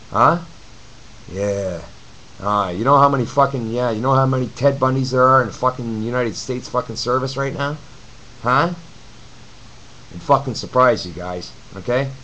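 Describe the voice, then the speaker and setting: A man's voice: medium pitch, a bit bright, slight background noise, low-quality recording. A man giving a blunt, profane, rambling webcam rant to his viewers from his apartment. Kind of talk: ranting webcam video reply. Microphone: camcorder mic.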